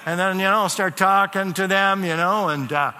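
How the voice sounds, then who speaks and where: A man preaching a sermon in a church sanctuary, his first language German. He talks conversationally, with asides and filler words, in a brisk, bright, slightly higher voice. The sound carries a long hall reverb. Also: clear, resonant tone. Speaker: pastor.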